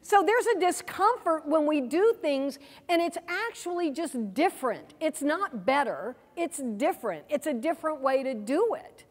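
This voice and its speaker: A woman with a high voice leads a workshop, quizzing her audience in a lively, engaging way. Her voice carries a long reverb from a large room. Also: normal speed, few pauses. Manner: lively, asks the audience questions. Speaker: seminar presenter. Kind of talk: teaching a workshop.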